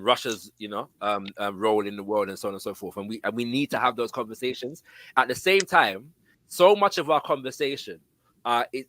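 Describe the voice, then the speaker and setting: Bright-toned male host, halting. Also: fairly low pitch, no room sound. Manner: affirming, halting, restarts often. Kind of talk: political discussion.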